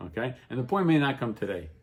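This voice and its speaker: Casual male religious teacher, average pitch, lively storyteller who checks in with his class after every line. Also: quick pace. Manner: checks in with "okay?" and "right?" constantly; animated storytelling, voice rising with excitement. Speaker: Torah teacher.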